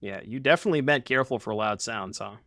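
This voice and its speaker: A man's voice: mid-range voice, quick pace, fairly bright tone, no room sound, studio quality. A young man streaming a card game, chatting casually and rambling to his viewers with the odd swear.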